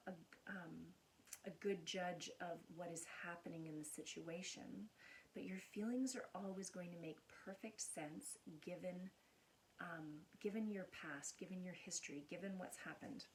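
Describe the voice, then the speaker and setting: Earnest woman counselor with a lowish voice. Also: moderate pace, a little hiss or hum. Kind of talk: casual explanatory talk to camera.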